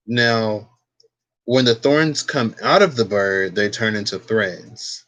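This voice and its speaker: A man's voice: fairly low pitch, a bit bright. A man giving a casual, rambling tarot card reading, curious and chatty, wandering off on tangents. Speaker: tarot reader.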